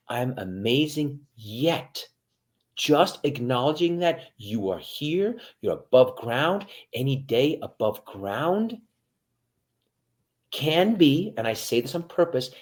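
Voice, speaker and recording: A military veteran guest giving motivational interview talk, addressing listeners directly and swinging from hushed to loud. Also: male voice, on the high side.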